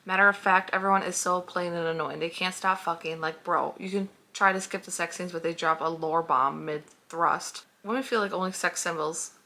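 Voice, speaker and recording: A woman's voice: fairly low pitch, steady tone, moderate pace, few pauses, pushed and bright. A young woman reviewing books in a casual vlog, heated and sarcastic, swearing freely as she reacts. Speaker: book reviewer.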